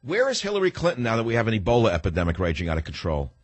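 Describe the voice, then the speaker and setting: A man's voice: on the low side, wildly swooping pitch, racing, slightly rough, no room sound. An older man in his sixties hosting a talk radio show, delivering a combative, ranting monologue that turns reflective at times. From United States.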